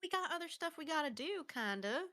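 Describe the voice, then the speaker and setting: A woman player chatting casually at a game table, quick to joke. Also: high-pitched, lively intonation, sharp tone.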